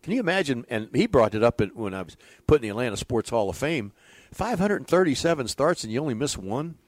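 An older man, a former pitching coach, telling stories in an interview with a folksy, animated manner, acting out the dialogue. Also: quick pace, no echo. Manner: folksy, animated storyteller who acts out quoted dialogue. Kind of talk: storytelling in a conversational interview.

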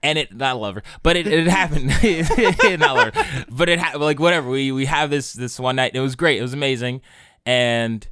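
A man's voice: mid-range voice, moderate pace, a bit bright, smooth, no room sound. A young man telling a long personal story in casual chat, rambling with many fillers and laughing as he goes.

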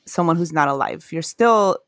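A woman's voice: low voice, lively intonation, normal speed, a bit bright, dry recording, studio quality. A woman casually telling folklore history in a podcast chat, earnest and laughing at her own mispronunciations. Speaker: podcast co-host.

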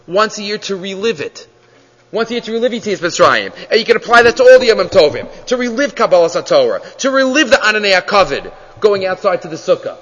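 A man teaching a Torah class as a rabbi, animated and full of questions. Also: high voice, quick pace. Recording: dull lo-fi audio in a reverberant hall.

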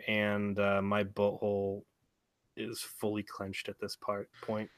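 A man's voice: fairly low pitch, monotone, slow, clean tone. A man co-hosting a casual podcast chat, wry and self-mocking, with some swearing. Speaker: podcast co-host.

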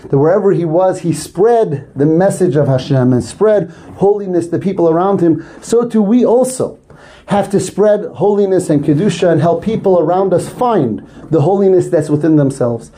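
High-voiced, mellow man giving a sermon. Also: animated, normal speed. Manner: earnest storytelling, rising emphasis on key words. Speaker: rabbi.

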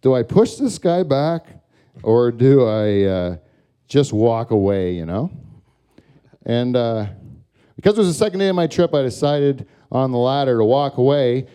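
A man hosting a comedy show, ranting through a profane storytelling monologue. He speaks in a mellow, mid-pitched voice, often stopping on filler words. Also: lively intonation, a little slow, smooth.

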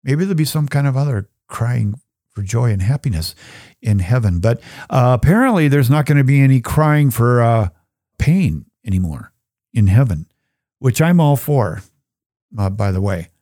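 A middle-aged man hosting a faith podcast, reflecting on Bible verses in an earnest, conversational way and reading Scripture slowly. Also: medium pitch, lively intonation, no room sound, studio quality. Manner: gets choked up and soft when sharing personal grief. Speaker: podcast host. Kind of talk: reflective Bible teaching talk.

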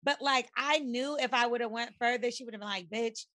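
A woman's voice: on the high side, normal speed, fairly bright tone, no room sound, studio quality. A woman co-hosting a podcast in casual chat, blunt and profane, acting out quoted conversations with animation. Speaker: podcast co-host.

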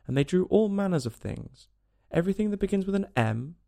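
A man voicing a sleepy, sulky little dormouse with a hoarse, feeble voice. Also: high voice, expressive, fairly quick, warm tone, voice pushed up. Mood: drowsy.

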